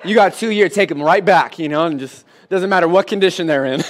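A man in his thirties preaching a sermon in church, animated and comic as he acts out scenes with his kids. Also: high-pitched, a little fast. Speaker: pastor.

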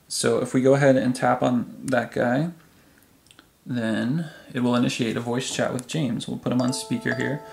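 A man hosting a casual tech video, demonstrating a phone app in a relaxed, chatty way with frequent ums. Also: mid-range voice, normal speed, creaky. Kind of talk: casual product demo. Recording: echoey room.

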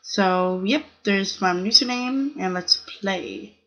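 Taking it slowly in a bright, forceful, mid-range voice, a young woman chats casually while playing on her gaming channel. She talks directly to the other players and squeals repeated "no"s to scold them.

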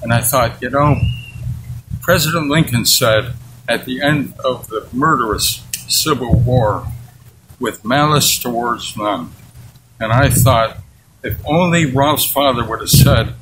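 A man's voice: mid-range voice, slow, background noise. A man in his eighties, a veteran, telling a personal story in an interview in a blunt, outspoken way. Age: 80s.

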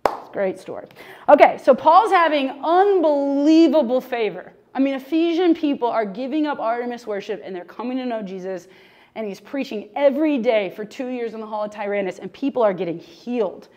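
A woman's voice: fairly high pitch, expressive, fairly quick, a little mellow, highs cut off. A woman teaching a humorous, chatty Bible lesson, joking and laughing often.

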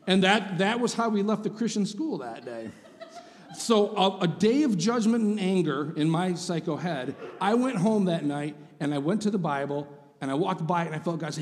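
Animated storytelling preacher man. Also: sits high, normal speed. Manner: animated, sarcastic, acts out voices. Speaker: guest speaker. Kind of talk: humorous sermon storytelling. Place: church sanctuary. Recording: reverberant church hall.

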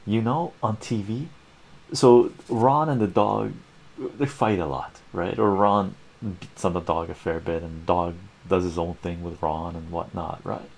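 A man hosting a relaxed ASMR comic reading, laid-back and chuckling often. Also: low-pitched, a little slow, creaky. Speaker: channel host reading comics.

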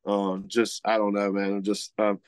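A man's voice: on the low side, monotone, moderate pace, clear, resonant tone, no room sound. A man from Mississippi, chatting casually on a podcast in an easygoing, rambling way full of fillers. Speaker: guest co-host, butcher shop representative.

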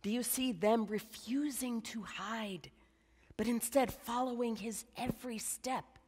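A woman preaching a sermon as a slow, dramatic guided meditation, dropping to a hush at times. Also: fairly high pitch, slightly rough, long reverb tail. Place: church.

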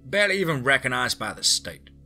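A man voicing a gruff small-town male leader who gives slow, firm commands. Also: medium pitch, sing-song, sharp tone, soft background music, pitched above the performer's own voice, full character voice. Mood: blunt.

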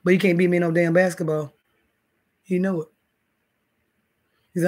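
A man's voice: sits high, flat delivery, moderate pace, long pauses, a little mellow. A man hosting a casual livestream from his bed, rambling and swearing as he talks to viewers in the chat. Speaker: livestream host. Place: indoors, in bed.

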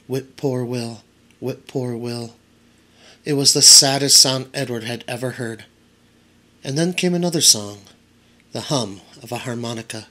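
A man's voice: medium pitch, pushed and bright. A man, a teacher, narrating a children's audiobook aloud for his students.

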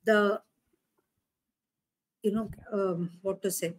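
A woman's voice: medium pitch, steady tone, takes it slowly. A woman preacher giving a conversational sermon, often asking her listeners questions.

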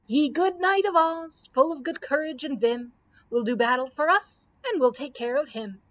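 A woman reading aloud as an excitable patchwork girl who shouts rhymes. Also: high-pitched, moderate pace, no echo, pitched above the performer's own voice. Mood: excited.

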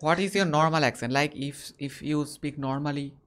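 A man's voice: on the high side, moderate pace, a bit bright. A man from India with an Indian English accent, chatting casually and bluntly with strangers over a video call. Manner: teasing, blunt questions. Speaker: video chat host.

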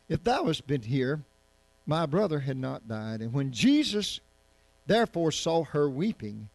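A man's voice: mid-range voice, darkish tone, no echo. A male pastor preaching verse by verse, in a conversational style and often putting rhetorical questions to his listeners. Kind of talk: Bible-study sermon.

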